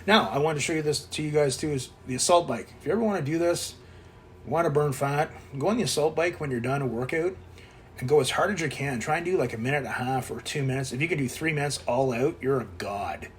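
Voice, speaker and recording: A man's voice: a little high, fast, slight background noise. A man in his fifties with a Canadian accent, a fitness vlogger talking over his workout footage in a blunt, coaching way with plenty of swearing. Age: 50s. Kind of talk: casual voice-over vlog.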